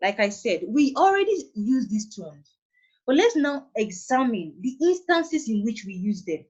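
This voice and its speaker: A woman with a Nigerian accent teaching an English lesson, speaking deliberately and repeating key phrases. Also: on the high side. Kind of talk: classroom lesson on intonation. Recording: dull lo-fi recording.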